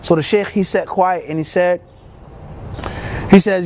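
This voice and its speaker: A man, an Islamic teacher, telling a personal story in a casual, animated way and acting out other people's lines. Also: high voice, measured pace, a little hiss or hum. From United States. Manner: casual, many fillers like "you know".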